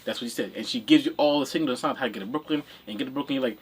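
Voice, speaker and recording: A man's voice: mid-range voice, very fast, husky. A man in casual chat, rambling and self-mocking, laughing often.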